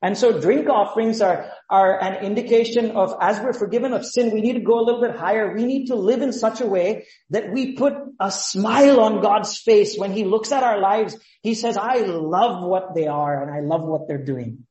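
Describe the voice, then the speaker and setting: A man's voice: high voice, moderate pace, few pauses, mellow, reverberant, highs cut off. A man, a pastor, preaching a sermon with emphatic rhetorical questions.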